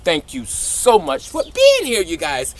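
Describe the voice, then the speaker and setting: A man, hosting a casual outdoor gardening vlog in an exuberant, affectionate, very animated way. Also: sits high, a little slow, a little hiss or hum. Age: 40s. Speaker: gardening channel host. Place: outdoors in a garden, hot day.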